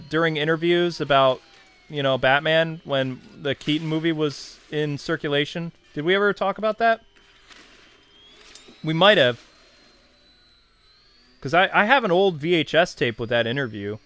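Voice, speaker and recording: A man's voice: on the high side, fairly bright tone, clear, resonant tone. A man in his thirties, a channel host, casually reminiscing in a chatty, digressive way with many asides.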